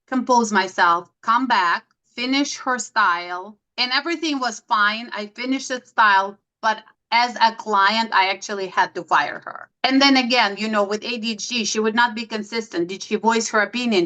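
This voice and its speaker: A woman's voice: mid-range voice, rough recording. A middle-aged woman from Russia with a Russian accent, telling stories in conversation and acting out quoted dialogue. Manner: animated, acts out quoted dialogue. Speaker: guest. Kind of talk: conversational storytelling.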